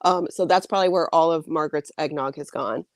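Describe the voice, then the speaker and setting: A woman's voice: low voice, a little fast, no echo. A woman co-hosting a casual book chat with dry, wry humor and frequent laughter. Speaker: podcast co-host.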